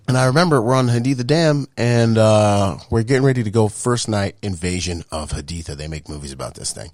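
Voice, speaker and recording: A man in his late thirties, a military veteran guest, telling a story in casual, slangy, animated talk and acting out voices and sounds. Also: fairly low pitch, a little fast, hardly any pauses, no echo, studio quality. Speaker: podcast guest, Marine veteran.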